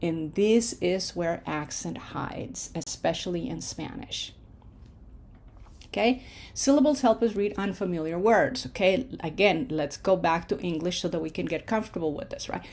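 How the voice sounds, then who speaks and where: A woman teaching an online pronunciation lesson, patient and reassuring, slowing down to sound out words syllable by syllable. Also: on the low side, darkish tone, a little hiss or hum. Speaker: language teacher.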